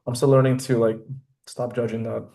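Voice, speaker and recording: A man hosting a podcast, talking in a relaxed, reflective way with frequent fillers. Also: mid-range voice, normal speed, vocal fry. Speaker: podcast host. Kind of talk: casual conversation.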